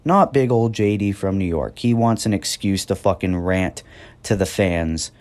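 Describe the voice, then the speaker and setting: A man's voice: low voice, normal speed, a little mellow. A young man in his twenties, ranting about wrestling in an angry, profane, sarcastic way, mocking people in a whiny voice. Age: 20s. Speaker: wrestling commentator. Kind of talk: heated rant.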